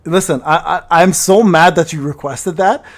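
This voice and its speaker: A man's voice: on the high side, normal speed. A man streaming a game, teasing and mock-ranting at a friend in casual, profane banter. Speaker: gaming streamer.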